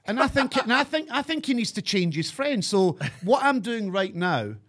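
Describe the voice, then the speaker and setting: A Scottish man hosting a studio podcast in a casual, upbeat way. He reads the sponsor messages and teases his co-host. His voice sits high for a man. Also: sing-song, moderate pace, fairly bright tone.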